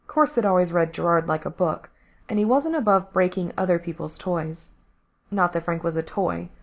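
A woman reading a story aloud, her voice sitting a little low. Her delivery is steady and measured, line by line, as she narrates.

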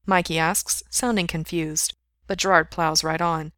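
A woman narrating a fiction audiobook in a steady, plain storytelling voice. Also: on the low side, normal speed, no room sound, studio quality. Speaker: reader.

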